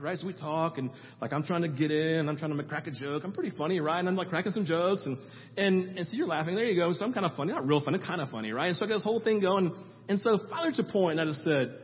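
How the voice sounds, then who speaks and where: A man's voice: on the high side, expressive, quick pace. A male pastor preaching a conversational sermon, telling stories with frequent asides to the congregation. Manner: storytelling, conversational with audience asides. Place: church sanctuary. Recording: muffled sound with long church reverb.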